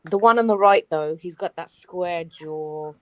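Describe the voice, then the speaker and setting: A woman hosting a casual live panel chat, teasing and expressive. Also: on the low side, unhurried, no echo.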